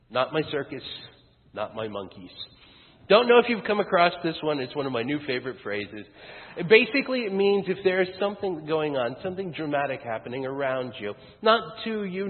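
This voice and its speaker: A man preaching a sermon as pastor, conversational and wry, with frequent ums. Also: on the high side. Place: church sanctuary. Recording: phone-like sound in a reverberant hall.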